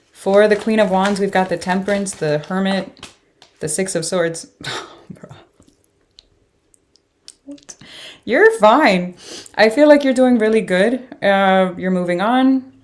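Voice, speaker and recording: A woman with a low-pitched voice reads tarot cards in a loose, chatty way. She talks through each card as it comes up and breaks in with startled exclamations. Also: slight background noise. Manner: reacts aloud to cards with surprised exclamations and laughs. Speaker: tarot reader. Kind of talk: casual tarot reading.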